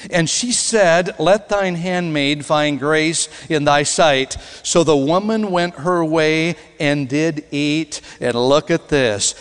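Guy preaching slow n dramatic, loud then hushed, big echoey church hall. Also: a little high, clear, resonant tone. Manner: dramatic, swinging between loud emphasis and hushed tones. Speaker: guest preacher. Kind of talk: sermon. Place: church sanctuary. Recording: long hall reverb.

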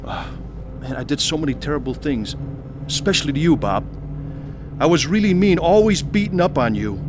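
Sincere male narrator, slightly high voice, earnest testimony. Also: expressive, moderate pace, background noise. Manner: earnest, pleading. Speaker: narrator telling his own conversion story.

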